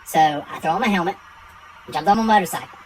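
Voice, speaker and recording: A man's voice: high voice, fast talker, a little hiss or hum, poor audio. A man telling a true personal story in a casual, blunt and profane way.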